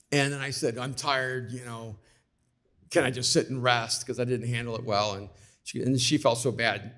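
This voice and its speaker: A middle-aged man telling lively anecdotes as an author guest on a podcast taped live, acting out the people he quotes. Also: medium pitch. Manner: animated anecdotes, acts out quoted voices. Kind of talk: conversational storytelling.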